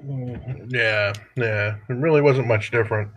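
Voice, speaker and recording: A man's voice: medium pitch, a little slow, fairly bright tone. A man chatting casually on a podcast, rambling and swearing freely, tagging "dude" onto his sentences. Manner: profane, rambling, drops "dude" often. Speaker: podcast host. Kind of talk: casual political chat.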